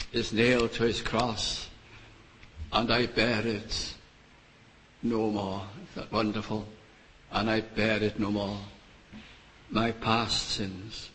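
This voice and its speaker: An older man preaching a sermon, earnest and pleading, with long pauses between his short phrases. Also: on the low side, fairly bright tone, slight background noise, rough recording.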